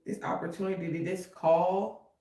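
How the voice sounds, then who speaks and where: A woman's voice: on the low side, flat delivery, measured pace, mellow, distant mic. A woman reading tarot, casual and emotional, cursing freely and sometimes breaking into song. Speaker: tarot reader. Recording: roomy echo, voice a bit off-mic.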